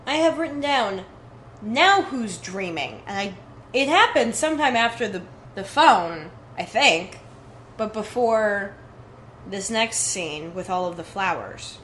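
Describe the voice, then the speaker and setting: A woman's voice: mid-range voice, lively intonation, measured pace, fairly bright tone, slight background noise. A woman co-hosting a podcast, chatting bluntly and swearing freely about a TV episode. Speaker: podcast co-host. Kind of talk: casual recap chat.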